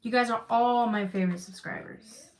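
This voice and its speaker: A tarot reader gives a live reading to her chat in a slightly high voice with fairly even intonation at normal speed. She is emphatic and reassuring, repeats phrases, swears casually, and gets emotional, at times close to tears.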